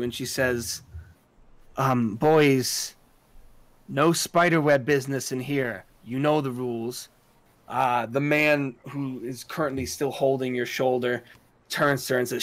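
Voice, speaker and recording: A man narrating as game master of a tabletop role-playing game, halting often with fillers and restarts. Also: medium pitch, fairly bright tone.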